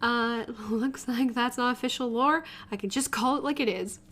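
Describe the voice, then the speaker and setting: A woman's voice: fairly high pitch, moderate pace, fairly bright tone. A woman streamer reading a dating game aloud in a playful way, laughing often and swearing.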